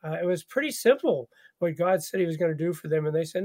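A man hosting a conversational radio Bible study, animated, laughing often and repeating words as he thinks. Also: a little high, fast talker.

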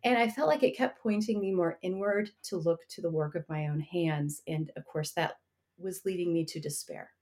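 A woman's voice: on the low side, moderate pace, darkish tone. A married woman telling her faith story as an interview guest, earnest and reflective, with frequent light laughter between thoughts.

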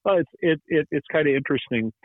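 A man, a pastor, speaking haltingly with many restarts in a radio Bible study conversation. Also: a little high, no echo. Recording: dry, tinny phone line.

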